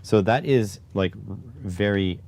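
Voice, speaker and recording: A man from Canada with a deep, low voice chats casually to his livestream audience. He rambles in wry, offhand asides while working with his hands. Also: unhurried, a little mellow. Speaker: livestream host.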